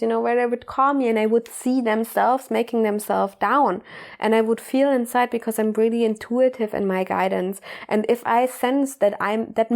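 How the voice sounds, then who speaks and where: A woman's voice: on the high side, darkish tone. Earnest woman coach, filler-heavy talk. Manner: earnest, repeats "like" and "you know", laughs often. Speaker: mindfulness coach. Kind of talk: casual motivational talk.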